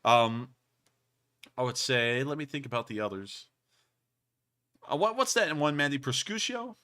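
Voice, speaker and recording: Lively bright-voiced male stream host. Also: medium pitch, a little slow. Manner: rambling, lively, frequent fillers and restarts. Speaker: livestream show host. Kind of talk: casual livestream chat answering donations.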